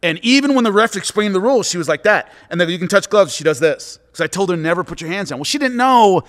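Fast and high-voiced, a middle-aged guest who once fought in MMA and now commentates swaps animated stories in relaxed podcast conversation. He performs the quotes of the people he mentions, all under heavy, lingering echo.

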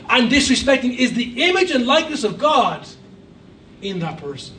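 A man's voice: extremely high pitch, fairly bright tone, reverberant, far from the mic, slight background noise, poor audio. A man preaching a sermon as a guest pastor, emphatic with humorous asides. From Ireland. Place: church hall.

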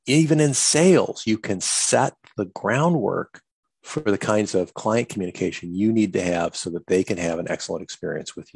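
A business coach gives an instructional talk on client communication, earnestly acting out sample conversations with customers. His voice is low, gravelly, and husky, a little mellow, and the recording is dry.

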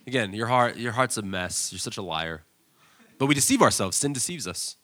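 A man preaching a sermon as pastor, telling stories in an animated way with loud, excited bursts when he acts out scenes. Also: fairly low pitch, moderate pace.

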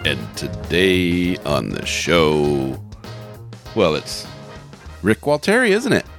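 A man's voice: low-pitched, huge pitch swings, slow, soft background music. A man hosting a podcast in a casual, rambling way, often laughing and restarting his sentences. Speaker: podcast host.

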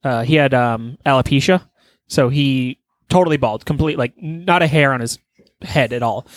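A man co-hosting a casual chat, telling rambling stories with swearing and pauses. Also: medium pitch, no room sound. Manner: rambling anecdotes, swearing, trailing off.

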